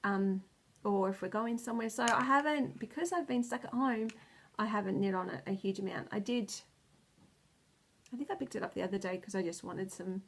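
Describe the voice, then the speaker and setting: A woman's voice: mid-range voice, fairly quick, a little hiss or hum. A tired, stressed woman hosting a knitting video podcast. She rambles, loses her words and laughs often. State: tired and stressed, close to tears. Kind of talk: casual chat.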